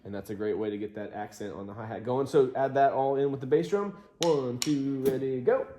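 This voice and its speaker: A drum teacher gives a casual lesson, his mid-range voice moving quickly as he counts beats out loud while playing. He sounds relaxed, and loud drums fill the roomy studio, with loud music behind his voice.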